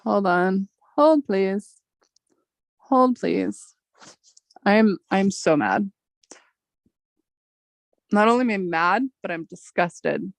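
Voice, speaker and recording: A woman's voice: mid-range voice, expressive, drawn-out words, creaky, pauses often, no echo. A woman hosting a casual livestream chat, talking in a rambling way with a lot of swearing. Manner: angry, profane, rambling. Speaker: chat host.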